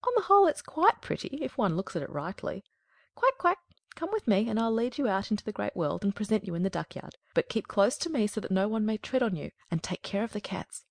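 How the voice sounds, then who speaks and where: A woman's voice: mid-range voice, big pitch swings, brisk, vocal fry, no room sound, studio quality. A woman voicing a tired, fussy mother duck with proud, fretful chatter.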